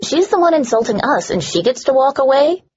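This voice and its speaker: An indignant, sulky teenage boy, as a woman narrator puts him on, with a breathy, husky voice. His voice climbs in lively swings. The recording is dull and lo-fi. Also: sits high, a little fast, pitched above the performer's own voice, full character voice.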